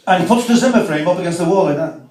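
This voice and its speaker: A man's voice: high voice, rapid-fire, darkish tone. A man doing a cheeky, chatty stand-up set at a comedy club, with asides to the crowd. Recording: echoey room, mic from far off.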